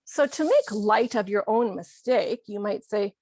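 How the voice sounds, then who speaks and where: A woman teaching an English lesson, explaining slowly and clearly and acting out short example lines. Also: mid-range voice, lively intonation, a little mellow, no room sound, studio quality. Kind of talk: scripted ESL lesson.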